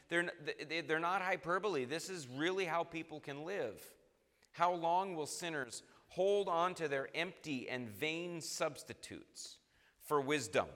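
A man's voice: on the high side, fairly bright tone, big-room sound. A man preaching a sermon, emphatic and repeating phrases for stress.

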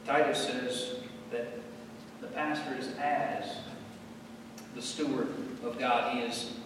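A pastor preaching a sermon, speaking with bursts of forceful, emphatic repetition. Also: male voice, fairly even intonation, takes it slowly. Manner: preaching with swelling emphatic outbursts. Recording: echoey hall, distant mic, faint rumble.

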